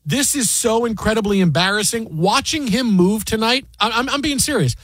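A man with a high, husky voice co-hosts a sports talk show, loose and mocking. He riffs in an exasperated, animated way, often acting out what players say. The sound is close and dry, straight into a studio mic. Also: normal speed, no room sound. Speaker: sports radio co-host.

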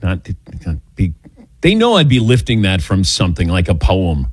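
A man hosts a sports talk radio show in a lower voice that moves around a lot. His delivery is dry and wry. The sound is close and dead, with no room echo. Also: wildly swooping pitch, normal speed, slightly rough.

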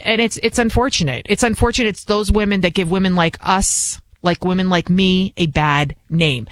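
A woman hosting a commentary show, pressing her points hard in an opinionated monologue and repeating lines for emphasis. Her pitch sits in the middle range. The recording is dry and close, with no room sound. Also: no echo. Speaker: host of a political commentary show.

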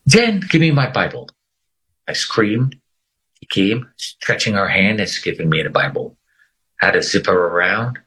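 A man's voice: low voice, pushed and bright, poor audio. A middle-aged man telling his life story in conversation, earnest and emphatic, repeating phrases for weight. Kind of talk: personal testimony in conversation.

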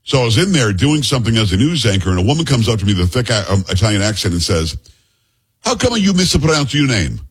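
A man hosting a talk radio show, telling stories in casual, joking banter with animated asides. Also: lowish voice, racing, hardly any pauses, breathy edge. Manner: animated storyteller, jokey asides.

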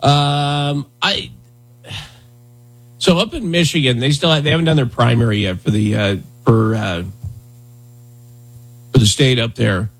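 A man's voice: mid-range voice, a little slow, pauses often. A man hosting a casual talk show, rambling with many fillers and restarts. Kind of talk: casual talk radio chat.

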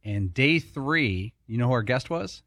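A man's voice: mid-range voice, lively intonation, a little slow, a bit bright, no echo. A man co-hosting a sports radio show, recalling show history in a matter-of-fact way. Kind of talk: casual sports radio chat.

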